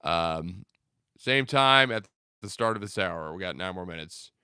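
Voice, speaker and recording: A man's voice: deep voice, lively intonation, unhurried, sharp tone, clean tone, no echo, studio quality. A young man hosting a casual livestream, reading out viewer comments in a loose, rambling way with many fillers. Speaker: livestream host.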